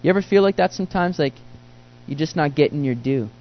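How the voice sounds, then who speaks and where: A man's voice: a little high, lively intonation, fast. A man preaching a sermon as a pastor, earnest and emphatic, often putting rhetorical questions to his listeners. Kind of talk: sermon teaching through a Bible book. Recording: dull lo-fi recording.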